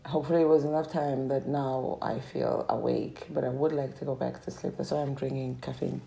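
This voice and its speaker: A woman's voice: very deep voice, steady tone, brisk, creaky, dark tone, rough recording. A young woman vlogging a casual, meandering life update, her throat sore and strained from talking. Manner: meandering, reflective, trailing off.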